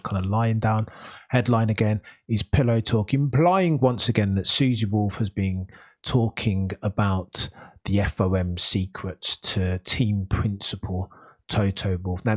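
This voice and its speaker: A man from Birmingham, England hosting a podcast, explaining a story in earnest, casual commentary. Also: fairly low pitch. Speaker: podcast host.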